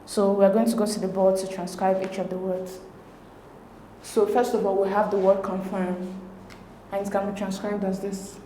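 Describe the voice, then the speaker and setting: A woman's voice: medium pitch, flat delivery, warm tone. Methodical woman tutor, roomy echo. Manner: measured, methodical reading of options. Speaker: exam tutor. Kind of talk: explaining exam answers. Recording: roomy echo with faint hiss.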